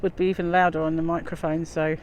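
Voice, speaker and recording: A woman's voice: deep voice, level tone, fast, darkish tone. A woman chatting casually as she vlogs a walk over a windy river bridge, a bit out of breath, filmed on a handheld phone. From England. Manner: chatty and rambling, many fillers. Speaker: vlogger. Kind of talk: casual walking vlog. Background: wind and passing aircraft.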